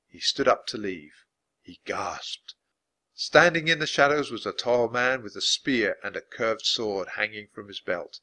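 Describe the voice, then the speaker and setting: A man narrating a children's storybook aloud in an expressive, animated way. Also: lowish voice, a little slow. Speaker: dad reading aloud.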